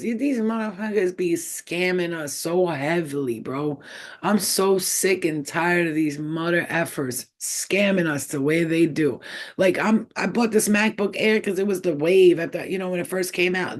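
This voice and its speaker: A woman hosting a casual live stream from home, talking in a rambling, profane and giggly way. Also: fairly low pitch. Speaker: channel host.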